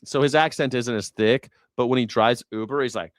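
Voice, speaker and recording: A man's voice: medium pitch, fairly even intonation, brisk, few pauses, no echo, clean studio sound. A man hosting a news reaction stream, rambling and joking crudely in casual talk. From United States. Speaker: streamer host.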